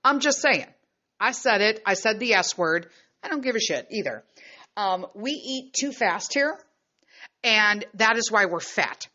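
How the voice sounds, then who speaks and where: A woman podcaster from the United States telling a travel story in a blunt, profane, animated way. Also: medium pitch, measured pace, dull audio. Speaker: podcast host. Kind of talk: casual storytelling monologue.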